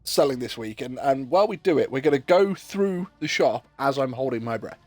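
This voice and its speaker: A man's voice: medium pitch, lively intonation, fairly quick, a little mellow, dry recording. A man streaming a game, chatting in a rambling way and swearing casually while he has the hiccups. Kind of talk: casual livestream chat while gaming.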